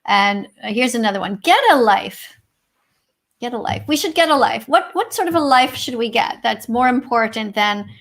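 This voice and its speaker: Woman, Canadian accent, high-pitched, sarcastic, reads chat comments, livestream video call. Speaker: livestream co-host.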